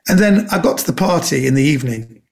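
A man telling comic anecdotes in a lively way, acting out the people he quotes. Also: on the high side, fast, vocal fry. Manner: lively storyteller who acts out quoted voices. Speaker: comedian guest.

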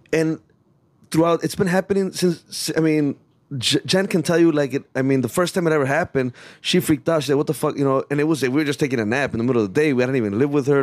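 A man in a loose, casual chat, rambling with many restarts and switching into Spanish slang. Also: mid-range voice.

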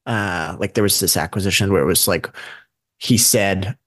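A man's voice: sits low, normal speed, fairly bright tone, no echo. A man co-hosting a podcast, talking casually and working through stories with frequent fillers and asides. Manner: conversational, with many fillers and asides. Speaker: podcast co-host. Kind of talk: casual investing podcast chat.

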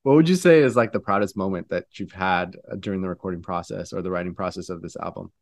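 A man's voice: sits low, fast talker, creaky, dry recording. A man interviewing a musician, asking questions casually with loose, filler-heavy phrasing.

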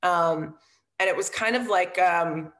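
A woman's voice: on the low side, measured pace. A woman, a former football coach, telling a story as an interview guest in a casual way, often saying "um" and "right?" and acting out what others said. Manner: earnest, with frequent "um" and tag questions like "right?"; acts out quoted dialogue in lively voices.

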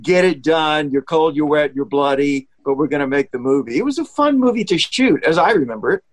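A man's voice: fairly high pitch, expressive, fairly quick. A man telling set stories in a casual interview, blunt and joking, swearing freely. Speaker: interview guest.

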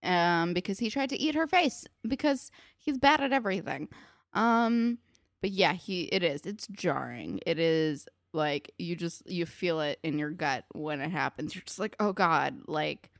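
Lively-voiced young woman ranting about a show. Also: lowish voice, creaky, dry recording, studio quality. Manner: exasperated, opinionated commentary with sarcasm. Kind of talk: casual chat reacting to a show.

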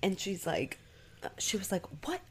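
Low-voiced woman podcast co-host. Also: expressive, a little slow, slight background noise. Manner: chatty, many fillers, acts out quotes. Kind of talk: casual recap chat.

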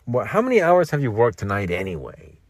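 A man's voice: medium pitch, huge pitch swings, brisk, no echo. A man hosting his own podcast in a loose, rambling monologue from a makeshift home vocal booth. He sounds tired after a long work shift, loses his train of thought and keeps repeating himself. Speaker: podcast host.

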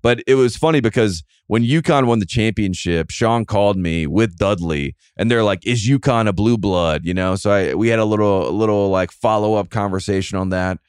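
Deep-voiced man hosting a podcast. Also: brisk, hardly any pauses, a little mellow, clear, resonant tone, no room sound, studio quality. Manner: rambling, self-mocking, many fillers and restarts. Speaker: podcast host. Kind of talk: casual podcast chat.

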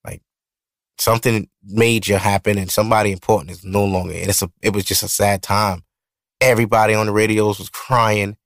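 Gravelly Brooklyn man, loose podcast talk. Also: fairly low pitch, level tone, brisk, dry recording, studio quality. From Brooklyn, New York. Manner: loose and profane, rambling storytelling. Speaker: podcast host. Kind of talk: casual solo podcast talk. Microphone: studio mic.

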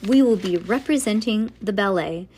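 A woman voicing a prim adult ballet teacher in a read-aloud storybook, speaking slowly and formally. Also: medium pitch, darkish tone, slight background noise, natural voice. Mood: announcing.

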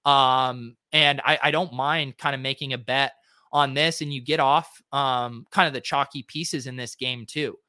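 A man hosts a casual solo review of fantasy sports lineups, thinking aloud with plenty of fillers. His voice is bright and clear. The sound is dry and close. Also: mid-range voice, steady tone, a little slow, dry recording. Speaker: fantasy sports podcast host.

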